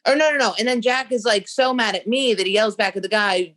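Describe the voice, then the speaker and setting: A woman's voice: fairly high pitch, quick pace, hardly any pauses. A young woman, a comedian guest on a talk show, telling a story in casual chat, profane and acting out the voices of the people in it. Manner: animated, profane, acts out quoted voices.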